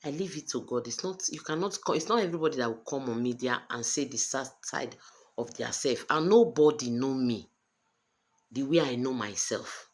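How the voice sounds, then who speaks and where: A woman's voice: very deep voice, normal speed. A Nigerian woman in her thirties talking straight to camera in a personal vlog, speaking in an emphatic, earnest way and repeating her points. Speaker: vlogger sharing a personal story.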